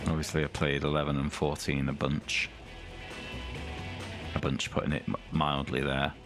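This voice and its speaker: A man's voice: rumbling low, completely flat delivery, moderate pace, over music. A man streaming a retro racing game, chatting casually with his viewers and reading things aloud with dry comments.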